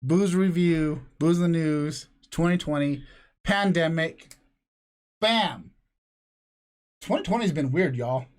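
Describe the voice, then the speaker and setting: A middle-aged man hosts a casual podcast from a room at home, telling rambling, profane stories. His voice sits a little high for a man. He talks from a separate room from his co-host. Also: slow, pauses often.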